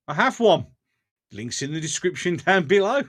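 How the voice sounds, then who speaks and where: A man from England with a Birmingham accent hosts a casual live stream in a high, slightly bright voice. He talks bluntly with his viewers, laughing between remarks and frequently launching into rants.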